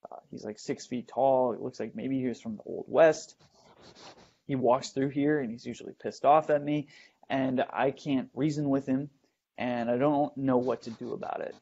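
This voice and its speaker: A man hosting a show, telling a first-person ghost story in a halting way, with many fillers and restarts as he builds suspense, in a dull lo-fi recording. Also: medium pitch, fairly even intonation, a little mellow. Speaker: host.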